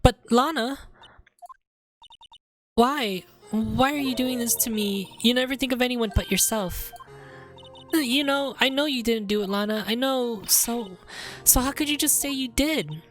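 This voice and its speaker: A woman voicing a desperate young girl begging her sister, pushing her voice far above her usual low pitch. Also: a little slow, faint music behind, lightly acted. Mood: pleading.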